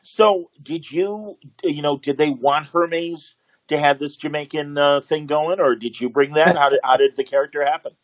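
A man hosting a casual interview, enthusiastic and quick with praise, often saying "man". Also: fairly high pitch, no room sound, lo-fi sound. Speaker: podcast host.

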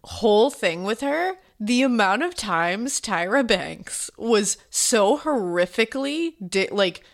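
A woman's voice: medium pitch, animated, slow, few pauses. A young woman co-hosting a podcast, chatting casually with emphatic reactions. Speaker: podcast co-host. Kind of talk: casual chat.

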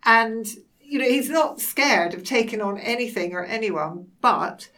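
A woman's voice: a little high, animated, a little slow, bright, forceful tone. Woman host, book discussion, hesitant, searching for words, a bit distant from the mic.

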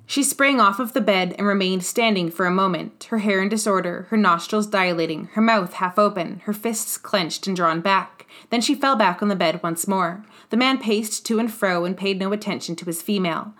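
A woman narrating a classic novel in an audiobook, measured and expressive. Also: medium pitch.

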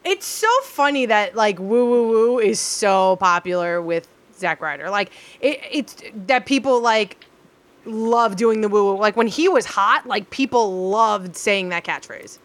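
A woman's voice: mid-range voice, expressive, measured pace. A woman co-hosting a podcast, chatty and blunt, with many filler likes. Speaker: podcast co-host. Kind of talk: casual chat.

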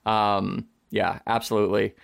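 A man's voice: on the low side, little pitch movement, measured pace, vocal fry. A man hosting a tabletop game show, chatting casually with his guests and joking and laughing often. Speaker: host. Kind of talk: casual chat.

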